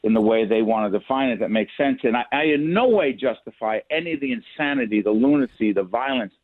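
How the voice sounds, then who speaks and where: A man appearing as a guest on a radio show, speaking earnestly and pressing his point in a measured way. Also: mid-range voice, animated. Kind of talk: talk radio interview. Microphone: phone. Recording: tinny phone line, dry.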